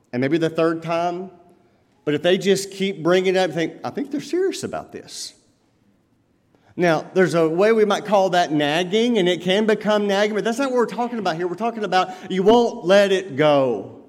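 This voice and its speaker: Guy preaching a sermon, high voice, big echoey hall, gets loud then drops real quiet. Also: moderate pace. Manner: dynamic, swings from loud emphatic lines to quiet lowered ones. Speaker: pastor.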